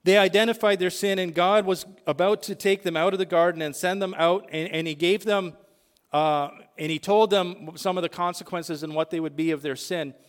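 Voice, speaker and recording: A man's voice: high-pitched, fairly even intonation, normal speed, big-room sound. A male pastor preaching a sermon, asking the congregation questions and building emphatic lists.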